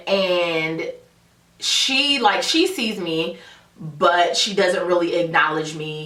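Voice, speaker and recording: A young woman vlogger telling a dramatic story in a casual, animated way. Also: medium pitch. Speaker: beauty vlogger. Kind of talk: storytime vlog. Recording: roomy echo, a bit far from the mic.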